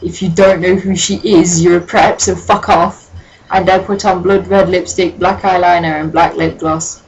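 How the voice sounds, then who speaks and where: A woman's voice: lowish voice, level tone, moderate pace, rough recording. A woman giving a comic reading with sarcastic, profane asides. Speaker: dramatic reader.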